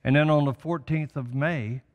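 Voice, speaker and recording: A man's voice: fairly high pitch, steady tone, normal speed, in a large hall, highs cut off. An older man, a guest on a talk show, speaking with emphatic, preacherly conviction about faith and prophecy. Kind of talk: impassioned religious talk.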